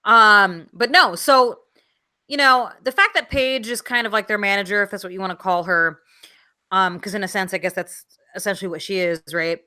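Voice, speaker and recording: A woman's voice: medium pitch, normal speed, bright, forceful tone. A woman co-hosting a podcast in casual chat, blunt and profane, with frequent fillers. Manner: blunt, swears freely, lots of fillers. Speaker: podcast co-host.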